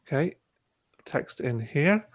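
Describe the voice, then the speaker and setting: A man leads an online workshop for teachers, explaining each step of a lesson-building tool in an unhurried, easygoing way. His voice sits a little high for a man, and he talks as if over a video call. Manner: relaxed, talks through clicks step by step with fillers. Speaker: presenter demonstrating a teaching platform. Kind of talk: casual online webinar demo.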